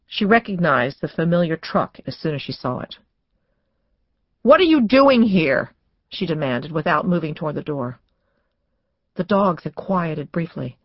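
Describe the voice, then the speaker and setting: A woman reading a suspense novel as audiobook narrator, in measured, tense storytelling. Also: deep voice, no room sound, dull audio. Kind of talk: scripted narration.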